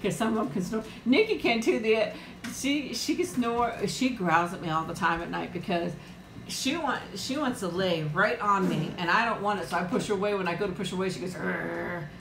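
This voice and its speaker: A woman's voice: mid-range voice, lively intonation, a little fast, roomy sound, background noise. A woman hosting a casual live-chat eating stream from home, talking in a rambling way and laughing often. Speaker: livestream host.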